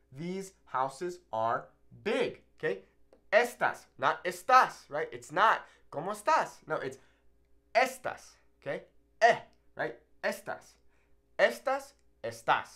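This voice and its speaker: Lively young man teaching at a whiteboard. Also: fairly high pitch. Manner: casual, upbeat, many "okay"s and repeated examples. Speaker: Spanish teacher. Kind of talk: whiteboard language lesson. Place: classroom with a whiteboard.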